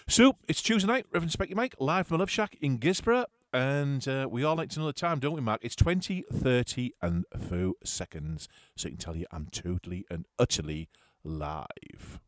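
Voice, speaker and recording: A man hosting a live radio show, chatting and teasing listeners as he reads out shout-outs. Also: mid-range voice, no room sound, studio quality.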